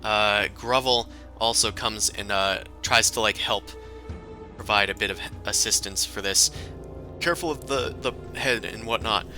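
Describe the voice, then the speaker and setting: A man narrating as game master of a tabletop game, halting and full of fillers. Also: lowish voice, pushed and bright, soft background music.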